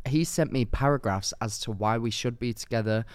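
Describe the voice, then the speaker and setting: A young man from England co-hosting a podcast, telling stories in a casual, animated way and mimicking the people in them. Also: medium pitch, brisk, clear, resonant tone, dry recording. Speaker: podcast co-host. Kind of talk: casual chat.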